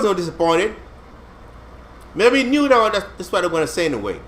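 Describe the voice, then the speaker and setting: A man's voice: sits high, big pitch swings, a little fast, a bit bright, a little hiss or hum. A man leading a casual Bible study, explaining scripture in slangy, conversational talk full of restarts and "you know what I'm saying". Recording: echoey room.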